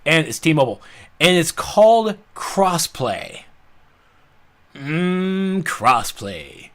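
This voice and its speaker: A man with a Southern accent and a high-pitched, lively voice hosts a casual live-streamed podcast at a slow pace. He rambles with laughing, apologetic asides, and his throat sounds slightly dry.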